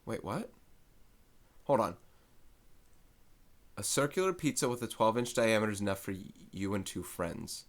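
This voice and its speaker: A man's voice: lowish voice, lively intonation, normal speed, pauses often. A man teaching a recorded math lesson, thinking aloud in a loose, conversational way and correcting himself as he works through a problem.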